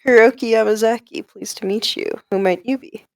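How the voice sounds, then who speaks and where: A woman's voice: a little high, fairly quick, vocal fry, no echo, pitched above the performer's own voice. A woman playing a polite young male traveler.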